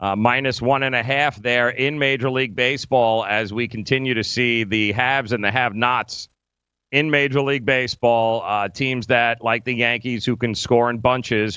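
A man's voice: medium pitch, fairly even intonation, moderate pace, sharp tone, clear, resonant tone, dry recording, lo-fi sound. A man hosting a fantasy sports radio show, talking casually with lots of filler words. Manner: rambling with many fillers.

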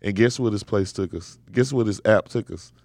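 A man's voice: fairly low pitch, moderate pace, a little mellow, no echo. A man co-hosting a podcast, chatting casually in a laid-back, slangy storytelling manner on a close mic. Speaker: podcast co-host.

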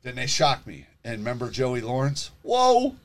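A middle-aged man telling a story in casual chat, animated and emotional, swearing freely. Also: medium pitch, moderate pace. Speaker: guest telling his story.

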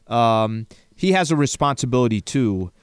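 A man co-hosting a sports radio show, talking in a measured, conversational way. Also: mid-range voice, animated, clean tone, no echo, studio quality.

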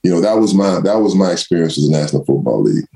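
A deep-voiced older man spins loose, laughing anecdotes. His pitch swings widely, leaping high whenever he acts out what someone else said, then dropping back to a low, easy drawl. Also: racing, creaky. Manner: animated, acts out quotes in raised voice, laughs often. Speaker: former pro football running back, guest. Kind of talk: casual storytelling interview.

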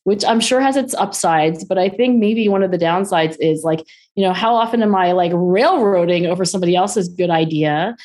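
A middle-aged woman talking as a podcast guest in a casual, animated way, with frequent laughs and fillers. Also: on the low side, normal speed. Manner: animated, chatty, laughs often, lots of fillers. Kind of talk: casual interview conversation.

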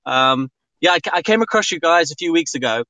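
A man's voice: a little high, animated, brisk, sharp tone, no echo. A British man from the south of England calling in to a podcast, playful and self-deprecating. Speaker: caller, listener. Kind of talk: casual call-in chat.

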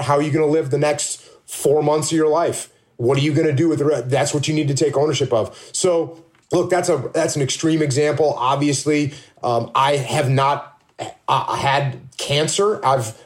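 A blunt, emphatic man with a fairly high voice, talking in a casual podcast chat. He speaks as a leadership consultant and keeps driving his point home with rhetorical questions.

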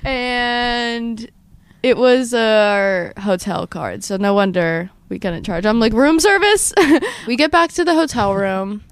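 Young woman podcast host, fast animated storytelling, smooth clear voice, dry close mic. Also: medium pitch, no room sound. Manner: fast, animated storyteller who acts out quotes. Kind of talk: casual storytelling chat.

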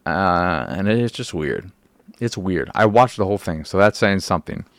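A man hosts a casual solo podcast in a low voice, talking into a close mic. He rambles, restarts his sentences and swears casually. The sound is dry, with no room in it. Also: lively intonation, normal speed, no echo. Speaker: podcast host.

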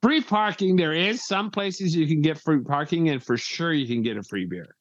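A man co-hosting a casual sports podcast, talking in an excitable, profane way and never slowing down. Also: a little high, dull audio. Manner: excitable, profane, says he can't talk slowly. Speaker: podcast co-host.

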